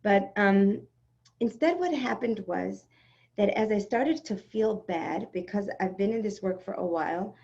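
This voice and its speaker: A middle-aged woman speaking as a spiritual teacher in an online class, recounting a personal story with lively, dramatic energy. Her voice sits in a middle register. The video-call audio sounds somewhat muffled. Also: mid-range voice, a little slow. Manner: animated, dramatic retelling with acted-out quotes.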